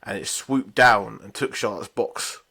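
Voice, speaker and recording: A man co-hosting a casual podcast, telling stories bluntly with plenty of swearing. His voice sits fairly low, with a bright, forceful edge. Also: measured pace, gravelly, husky. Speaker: podcast co-host. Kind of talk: casual chat.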